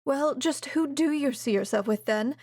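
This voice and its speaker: A woman's voice: high-pitched, normal speed, a little mellow, dry recording, clean studio sound, pitched above the performer's own voice. A woman voicing a fussy, meddling older mother who nags and frets about her son marrying. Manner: flustered, nagging.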